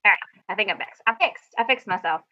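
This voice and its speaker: A woman's voice: mid-range voice, lively intonation, fast. Chatty band teacher woman, dull call audio. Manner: chatty, self-deprecating, upbeat. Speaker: middle school band director. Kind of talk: teacher presentation over screen share.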